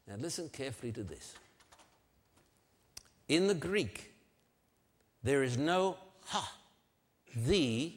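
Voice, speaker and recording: An older man preaching a sermon, slow and emphatic, repeating key phrases for weight. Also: a little high, very animated. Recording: long reverb of a large hall.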